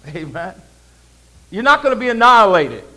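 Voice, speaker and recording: High-voiced male preacher, call-and-response. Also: big pitch swings, a little fast, rough recording. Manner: swings between loud proclaiming and low conversational asides. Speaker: pastor. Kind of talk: sermon.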